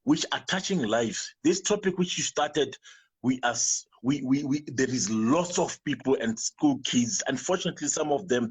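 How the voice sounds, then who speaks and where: Earnest, husky Zimbabwean man. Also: mid-range voice. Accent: Zimbabwean English. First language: Venda. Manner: earnest, repetitive, with many restarts. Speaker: guest. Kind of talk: emotional personal testimony.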